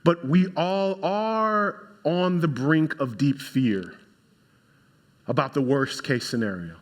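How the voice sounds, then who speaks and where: A man, a pastor, preaching a sermon in an animated way and talking straight to his congregation. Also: on the high side, slow pace.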